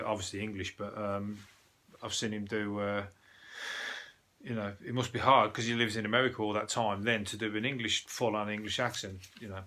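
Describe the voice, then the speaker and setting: A man's voice: fairly low pitch, sharp tone. A man with a Birmingham accent, hosting a casual solo news podcast in a rambling, sweary, chatty way with lots of fillers. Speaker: podcast host.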